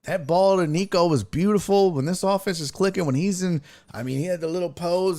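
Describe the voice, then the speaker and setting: A man's voice: on the high side, animated, brisk, hardly any pauses, darkish tone. A man hosting a sports talk show, chatting casually and thinking aloud as he reacts to the news.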